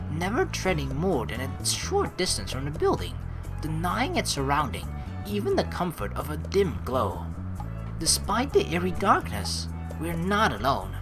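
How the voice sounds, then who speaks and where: Animated woman reading a game aloud. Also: sits low, rough recording. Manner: animated, sarcastic, swearing asides. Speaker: let's play host. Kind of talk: reading a visual novel aloud with commentary.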